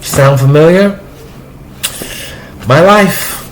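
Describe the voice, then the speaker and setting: A man speaking in a personal, confessional vlog, in a halting way with restarts and trailing asides. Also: on the high side, a little hiss or hum, rough recording. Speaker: vlogger.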